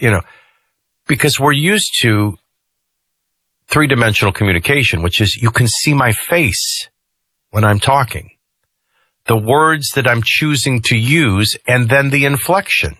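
A male talk radio host speaks in a forceful, somewhat husky voice with a low pitch. He talks in a loose, conversational way and throws in jokey asides. The sound is close and dry, straight from a studio mic. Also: expressive, measured pace, no room sound.

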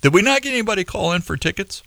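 A man's voice: high voice, animated, rapid-fire, creaky, fairly bright tone, no echo. A man hosting a radio show in casual chat, joking and opinionated.

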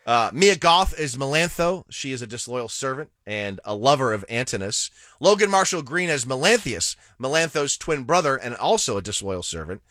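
A man's voice: medium pitch, sing-song, normal speed, hardly any pauses, pushed and bright, no echo, studio quality. A man co-hosting a radio podcast, chatting casually about a movie and stumbling a little over cast names. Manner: reads cast lists with hesitant name stumbles. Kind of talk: casual movie review chat.

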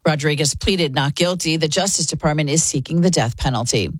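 A woman anchoring a radio newscast, reading headlines in a steady scripted delivery. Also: deep voice, a little fast, husky, no echo. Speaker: news anchor.

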